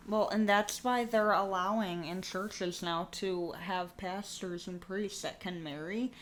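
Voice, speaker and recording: Woman co-host, casual chat, rambles, restarts her thoughts, mid-pitched voice. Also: steady tone, takes it slowly, a little hiss or hum. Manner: rambling, trailing restarts, frequent fillers. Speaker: podcast co-host.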